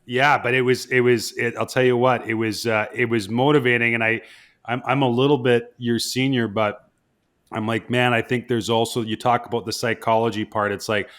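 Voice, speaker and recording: A man's voice: mid-range voice, flat delivery, moderate pace, fairly bright tone. A man hosting a coaching podcast, a chatty storyteller who pokes fun at himself. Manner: chatty, self-deprecating storyteller. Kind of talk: casual interview.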